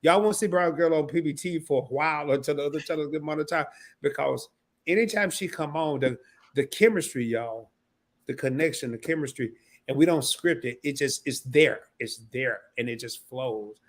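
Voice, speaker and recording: A man's voice: on the high side, moderate pace. A man hosting a casual live stream, talking loosely, repeating himself and breaking into laughter.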